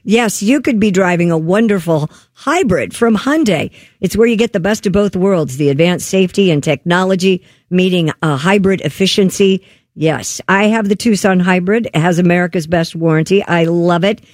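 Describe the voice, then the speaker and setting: A woman's voice: on the low side, moderate pace, a little mellow, no echo, clean studio sound. A woman co-hosting a radio show, chatting casually and doing a live ad read in an upbeat way. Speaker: radio show co-host, reads ads.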